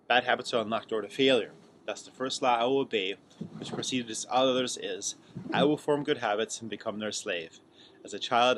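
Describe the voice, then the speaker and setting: A man's voice: lowish voice, background noise. A sleepy man reading a text aloud for his video, who often stumbles and restarts lines and now and then breaks off to chat. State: sleepy, yawning. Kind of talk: casual reading aloud with chatty asides.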